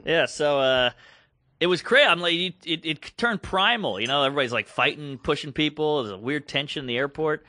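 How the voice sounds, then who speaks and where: A man with a bright, fairly high voice tells an animated story on a podcast, slipping into the voices of the people in it. The sound is dry and close to the mic, with no room echo. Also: a little fast. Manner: animated storyteller who acts out quoted voices. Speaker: podcast co-host. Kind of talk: casual storytelling chat.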